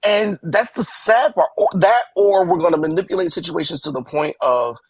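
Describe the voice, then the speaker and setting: An impassioned man on a talk show panel who speaks emphatically. His voice is fairly high and husky. The sound is close and dry. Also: normal speed, dry recording. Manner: emphatic, impassioned, voice rising at times.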